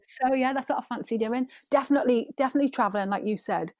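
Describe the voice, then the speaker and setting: A woman's voice: a little high, quick pace, a little mellow, no echo. Giggly Scouse woman chatting. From Liverpool. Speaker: guest. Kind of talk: casual interview chat.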